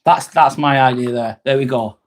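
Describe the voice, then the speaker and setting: A man's voice: medium pitch, fairly even intonation, moderate pace. A man hosting a casual live stream, joking, laughing often and answering chat comments.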